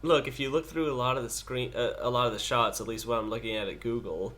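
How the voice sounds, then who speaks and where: A man co-hosting a casual art podcast, talking in a hesitant, halting way with restarts and dry understatement. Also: medium pitch, a bit bright. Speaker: podcast co-host. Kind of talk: casual chat.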